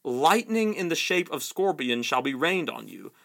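A man's voice: on the high side, very animated, normal speed, gravelly, fairly bright tone, exaggerated voice. A man doing a shrieking, furious young prince. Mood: raging. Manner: shrieking, ranting. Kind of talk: reading a novel aloud.

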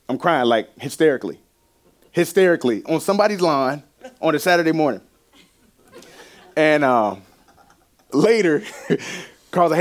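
A young man preaching a sermon with a personal testimony, animated, laughing often and shifting from loud to hushed. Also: fairly high pitch, moderate pace, pauses often.

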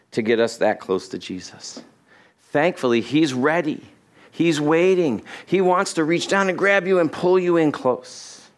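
A man preaching a sermon in a church on a body-worn microphone, acting out the lines of the people in the story. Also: on the high side. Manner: animated, acts out Bible characters' lines. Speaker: pastor. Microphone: body-worn mic with cable.

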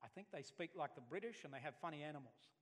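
The sound is of a big room, where an Alabama man serving as pastor preaches quickly in a slightly high voice, telling animated stories and acting out the voices.

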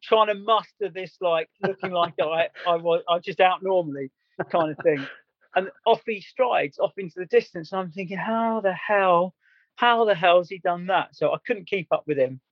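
A man's voice: fairly high pitch, no echo, dull audio. A man earnestly recounting a story in a candid podcast chat, rambling and restarting as he goes. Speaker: guest.

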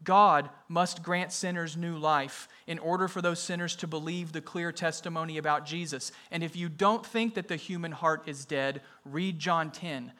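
A man's voice: fairly high pitch, sharp tone. A man preaching a sermon in an emphatic way, often repeating his key phrases for weight. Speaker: pastor.

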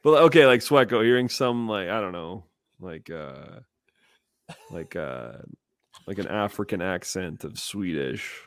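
A man's voice: deep voice, lively intonation, unhurried, dry recording. A man hosting a podcast in loose, playful casual chat, full of fillers. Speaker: podcast host.

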